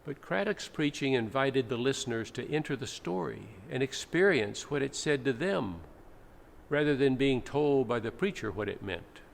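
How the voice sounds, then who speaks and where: A male pastor with a gravelly, mid-range voice preaches at normal speed with lively intonation in a church sanctuary. He explains things in a teacherly way and adds dramatic readings. The church is echoey, with faint background noise.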